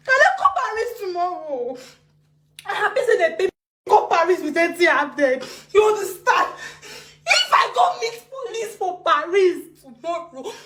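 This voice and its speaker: A woman with a Nigerian Pidgin accent, ranting on a live video, agitated and swinging between laughing, crying and shouting. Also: very high-pitched, echoey room, slight background noise. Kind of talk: emotional live-video rant.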